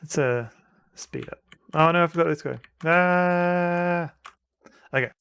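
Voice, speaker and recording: Man, streamer, casual gameplay commentary, gravelly voice, rambling, dry close sound. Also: on the high side, moderate pace, fairly bright tone, no room sound. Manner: rambling, self-interrupting, reads game text aloud.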